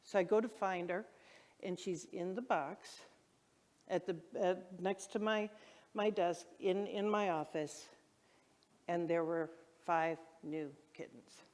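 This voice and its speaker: A woman minister preaching a sermon, telling stories with enthusiasm and lively shouts. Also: lowish voice, takes it slowly, in a large hall. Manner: enthusiastic storytelling, acts out her own excited shouts. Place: church hall. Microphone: handheld microphone.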